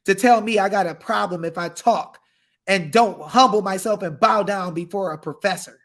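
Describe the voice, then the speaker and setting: Fiery high-voiced preacher man. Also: moderate pace. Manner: fiery, shouting, reads scripture aloud. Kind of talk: impassioned preaching.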